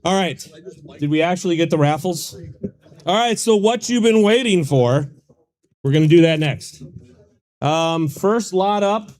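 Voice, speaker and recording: A middle-aged Midwestern man calls out raffle numbers at a convention, his voice pitched high. He banters in a playful, self-mocking way while speaking into a handheld mic. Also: measured pace, long pauses, a little mellow. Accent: Midwestern American. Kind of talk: joking live emcee banter into a mic. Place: convention hall.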